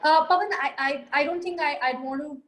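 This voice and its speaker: High-voiced confident Indian English woman. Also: fairly bright tone, poor audio. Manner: brisk, confident, lists points. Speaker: marketing guest speaker. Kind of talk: live Q&A answer.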